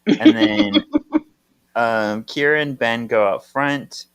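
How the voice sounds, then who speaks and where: A man's voice: medium pitch, huge pitch swings, extremely slow, fairly bright tone, smooth, dull audio. A man co-hosting a podcast, chatting casually and reading comic dialogue aloud with playful voices. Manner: reads lines with playful character voices. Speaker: podcast co-host.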